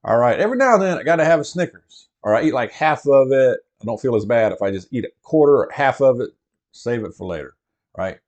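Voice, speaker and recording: A man in the middle range of pitch, talking casually from the cab of a truck. He rambles through his thoughts with plenty of fillers, restarts and asides, like an easygoing vlog host chatting to his regulars. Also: lively intonation, fast, darkish tone, dull audio. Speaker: prepper vlogger host. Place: inside a truck.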